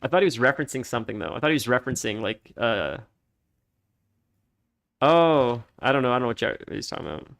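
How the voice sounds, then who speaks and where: Male streamer, easygoing chatty commentary, average pitch, prone to laughing. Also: lively intonation, fast, vocal fry, pauses often, a bit bright. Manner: rambling storytelling, laughs often. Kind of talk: casual gameplay commentary.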